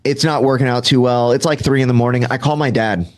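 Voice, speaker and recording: A man's voice: mid-range voice, steady tone, quick pace. A man in his thirties from Southern California, telling his recovery story in a casual, self-deprecating way and acting out bits of dialogue. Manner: casual, self-deprecating, filler-heavy, acts out quoted dialogue. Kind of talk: candid conversational storytelling.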